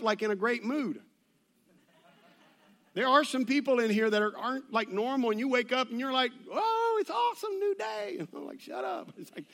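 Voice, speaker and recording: A man preaches a sermon to a church congregation. His voice sits high for a man. He talks in a loose, conversational way, with joking asides and rambling restarts. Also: a bit bright. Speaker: pastor.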